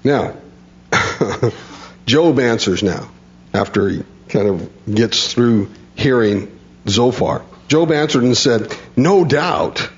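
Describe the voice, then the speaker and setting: A man's voice: on the low side, animated, slow pace, highs cut off. A man preaching a sermon, reading scripture and explaining it in a folksy way, often chuckling.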